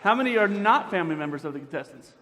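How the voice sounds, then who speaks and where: A man emceeing a pageant, joking playfully and quizzing the audience as he warms up the crowd. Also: high-pitched, lively intonation, rapid-fire. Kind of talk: crowd warm-up banter. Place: large indoor auditorium. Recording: reverberant hall with crowd noise.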